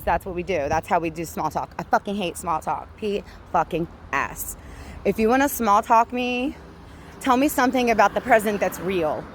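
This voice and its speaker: Walking outdoors near traffic, a woman vlogger with a mid-range voice rants bluntly and profanely, laughing often. It's recorded on a handheld phone with slight background noise.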